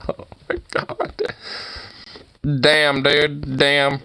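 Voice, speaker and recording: A young man reacting to clips on his stream, loose and profane, often breaking into laughter. His voice is bright and forward at a middling pitch. He rambles in a casual, offhand way. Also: expressive, moderate pace, dry recording.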